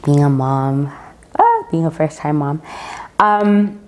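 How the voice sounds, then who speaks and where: A woman's voice: sits low, huge pitch swings, slow pace, darkish tone. A young South African woman vlogging casually, retelling a personal story with quoted dialogue and often calling her viewers guys.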